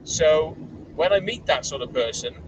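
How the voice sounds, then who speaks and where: A man's voice: fairly high pitch, expressive, moderate pace. A man, vlogging in a blunt, sweary, rambling way with lots of fillers, recorded outdoors. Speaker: urban explorer vlogger. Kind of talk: casual rambling monologue. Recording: distant mic with loud outdoor noise.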